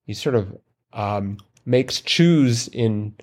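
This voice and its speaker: Relaxed, chatty male podcast co-host. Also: medium pitch, extremely slow. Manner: relaxed, wordy, many fillers, dry wordplay jokes. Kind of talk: casual chat about crosswords.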